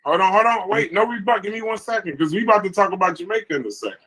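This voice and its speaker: A man's voice: high-pitched, racing, low-quality recording. A man hosting a podcast debate, reading viewer comments from the chat and jumping between points. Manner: animated, reads chat comments aloud. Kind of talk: heated casual debate.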